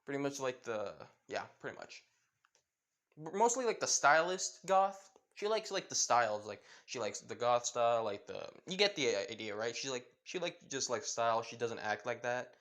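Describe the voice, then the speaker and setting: A man's voice: mid-range voice, lively intonation, normal speed, a bit bright. A man narrating a homemade fan story in a rambling, filler-heavy way, making it up as he goes. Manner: rambling, many fillers like "pretty much".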